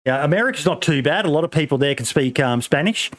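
A man's voice: a little high, expressive, fast talker. An Australian man hosting a podcast, chatting casually with lots of filler words and swearing. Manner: swears freely, lots of ums and laughs. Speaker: podcast host.

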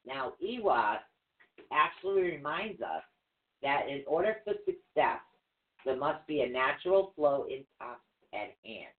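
A man's voice: mid-range voice, big pitch swings, unhurried. A man teaching runes on a live show, patient and step by step, spelling out words as he goes. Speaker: rune teacher. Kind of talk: live-stream teaching with banter. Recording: tinny phone-like line.

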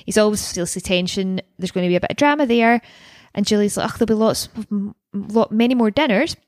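Fast and medium-pitched, a young woman co-hosts a podcast, casually going over a TV episode, swearing freely and acting out lines. The studio-quality recording has no room sound.

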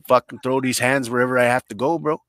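A man from Canada, telling a comedic story in a rambling, blunt and profane way, breaking into shouted impressions. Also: mid-range voice, steady tone, fast talker, smooth.

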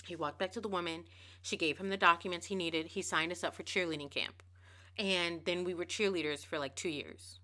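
A woman in her thirties hosting a podcast, telling a personal story in a candid, animated way and swearing freely. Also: fairly low pitch, fairly quick. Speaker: podcast host. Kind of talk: casual storytelling monologue.

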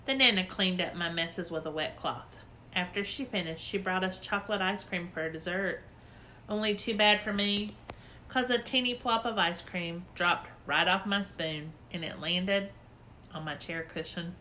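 Audiobook narrator: woman, bright tone, lively childlike telling. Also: fairly low pitch, a little slow, slight background noise. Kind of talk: storybook reading.

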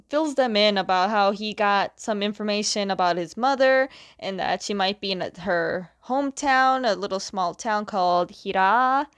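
A woman's voice: mid-range voice, clean tone, dry recording. Chatty woman retelling a story. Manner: chatty, laughs often, acts out quotes. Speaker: episode recapper. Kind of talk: casual plot retelling.

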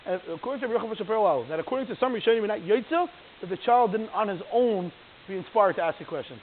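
Fast, animated rabbi on a tinny line. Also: male voice, sits high. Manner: animated, fast, Yiddish-inflected yeshiva cadence with Hebrew terms. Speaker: rabbi giving a Torah class. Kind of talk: Torah lecture. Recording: tinny phone-like line with hiss.

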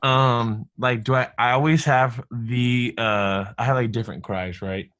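A man's voice: medium pitch, steady tone, unhurried, fairly bright tone, no room sound. A man in his thirties, a married father, talking casually and reflectively on a podcast, in long earnest phrases. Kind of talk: casual chat.

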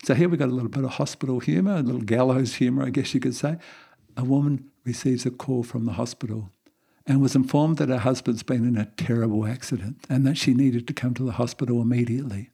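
A man hosting a podcast, explaining and telling jokes in a relaxed manner. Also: medium pitch, fast. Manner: relaxed storytelling, gravelly. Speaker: podcast host. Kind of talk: podcast monologue.

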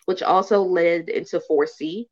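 A woman in her thirties talking candidly as a podcast guest in casual chat, with relaxed delivery and plenty of fillers. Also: on the low side, unhurried. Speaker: podcast guest, event organizer. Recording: dull lo-fi audio.

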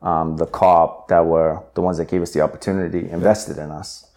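Brief: young man, low voice, animated storyteller, lots of "like" and "um". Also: normal speed. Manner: animated retelling with filler words. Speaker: interview guest. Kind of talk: conversational storytelling.

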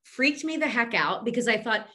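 A woman's voice: fairly high pitch, expressive, normal speed, pushed and bright. A middle-aged woman from Philadelphia, a medium being interviewed, talking chattily with frequent restarts and fillers. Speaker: medium, podcast guest. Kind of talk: casual interview conversation.

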